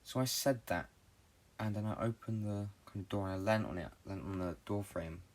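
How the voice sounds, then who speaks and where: A young man from Britain, a podcast host, telling a long dream story in a fast, rambling way with lots of swearing and fillers. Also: on the low side.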